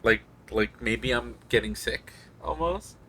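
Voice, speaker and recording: A male streamer with a slightly hoarse throat, rambling in casual gameplay commentary. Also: mid-range voice, measured pace, bright, forceful tone, slight background noise. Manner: rambling, profane.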